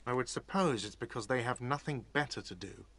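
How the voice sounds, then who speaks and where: A petty cafeteria manager whines and snipes in a defensive, sarcastic tone. His voice sits at a middling pitch. This is video game voice acting. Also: a little fast, sharp tone.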